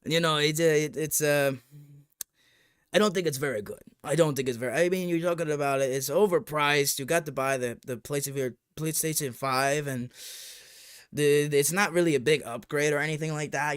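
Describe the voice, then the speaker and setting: A hesitant, dismissive tech critic drones on with a silly put-on accent, as a man mocks him, and keeps stalling on filler sounds between his complaints. The voice sits a little high. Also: fairly quick, fairly bright tone, clean tone, dry recording, clean studio sound, close to an everyday voice.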